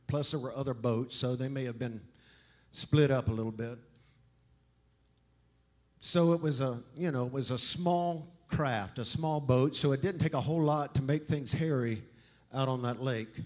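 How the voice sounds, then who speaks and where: A man's voice: mid-range voice, moderate pace, a little mellow. A male pastor preaching a sermon conversationally, emphatic, with joking asides.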